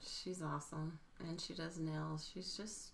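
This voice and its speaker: Brief: female co-host, low and gravelly, giggly, reads the chat aloud. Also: level tone, measured pace, low-quality recording. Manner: giggly, reading out comments. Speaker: co-host reading viewer comments. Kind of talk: casual livestream chat.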